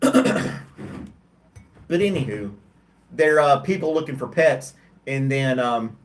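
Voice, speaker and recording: A tired man hosts a casual livestream chat, yawning between thoughts. He rambles and hesitates with lots of ums and restarts. His voice sits at a middling pitch. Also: lively intonation, slow pace. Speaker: host of a livestream chat show. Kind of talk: casual chat with live chat viewers.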